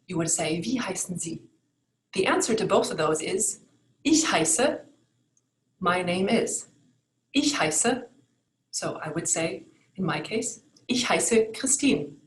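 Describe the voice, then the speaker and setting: Patient woman teaching, in an echoey room. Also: on the low side. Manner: clear, patient explaining with slow modeled examples. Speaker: German language teacher. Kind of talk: recorded online lesson with slides.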